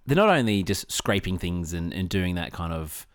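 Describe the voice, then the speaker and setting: A man's voice: deep voice, very animated, normal speed, smooth, dry recording, studio quality. A man co-hosting a podcast, blunt and joking, laughing easily. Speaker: podcast co-host. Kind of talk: casual chat. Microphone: studio microphone.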